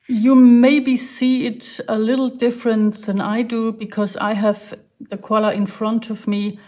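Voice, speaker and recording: Slow, patient woman teaching drawing. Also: medium pitch, dark tone. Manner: patient, explaining step by step while drawing. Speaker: art teacher. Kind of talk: drawing lesson.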